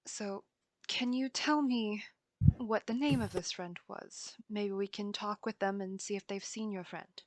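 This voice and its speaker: A woman voicing her adventurer character, speaking softly and gently as she coaxes a child. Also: mid-range voice, unhurried, no room sound, lightly acted. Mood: gentle.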